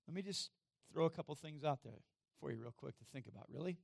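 A man preaching a sermon in a church, chatting with the congregation and asking them questions, getting louder for emphasis and going quiet and low to read scripture. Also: fast, vocal fry, no echo, clean studio sound. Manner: conversational, self-deprecating, asks the congregation questions. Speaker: pastor. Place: church sanctuary.

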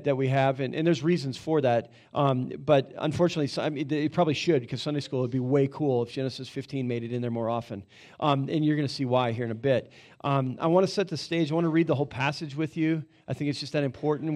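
A middle-aged man preaching a sermon in a casual, animated way, full of fillers and restarts. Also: medium pitch. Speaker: pastor.

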